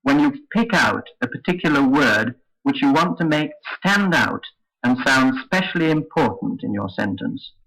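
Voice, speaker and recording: A man teaching English intonation in a slow, careful, scripted lesson. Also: mid-range voice, animated, a bit bright, husky, low-quality recording. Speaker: phonetics teacher. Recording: old lesson recording.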